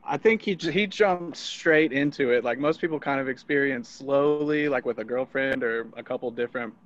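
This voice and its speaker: Male co-host, mid-pitch, off-mic with muffled, lo-fi sound. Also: normal speed. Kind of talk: casual chat.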